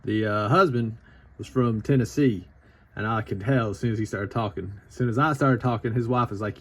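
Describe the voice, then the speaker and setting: A man's voice: on the low side, a little fast, slightly rough. A man in his thirties with an Appalachian Southern drawl, telling a casual anecdote in a rambling, profane way full of fillers. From Southern United States. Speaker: storytelling vlogger.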